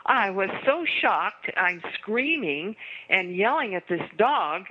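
A woman's voice: mid-range voice, sing-song, slow pace, sharp tone, husky, lo-fi sound. An older woman, a guest author, telling stories earnestly in a conversation. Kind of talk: storytelling in a conversation.

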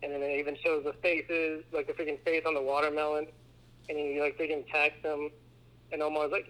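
A man's voice: fairly high pitch, steady tone, normal speed, pushed and bright, poor audio. A man co-hosting a podcast, recapping a movie casually and acting out the characters' lines in put-on voices. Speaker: podcast co-host.

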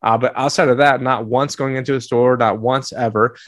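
A man's voice: mid-range voice, fairly even intonation, a little fast, no echo, clean studio sound. A man as a talk show guest, chatting casually in a rambling way, swearing and using many fillers. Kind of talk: casual chat.

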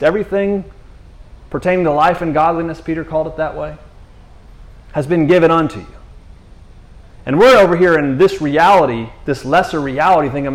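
A man's voice: a little high, brisk. A man giving a casual, conversational sermon, slangy and full of restarts. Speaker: preacher.

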